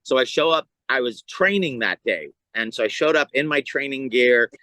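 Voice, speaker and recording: A man's voice: mid-range voice, normal speed, no room sound, low-quality recording. A middle-aged male comedian from California telling stories in a casual podcast chat. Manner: animated storyteller, lively retelling. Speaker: comedian guest.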